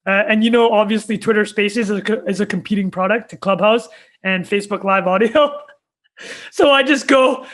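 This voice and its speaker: Guy with a really high voice cracking up while telling a story on a podcast. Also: brisk. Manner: laughs often, animated storyteller. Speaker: podcast co-host. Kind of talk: casual chat.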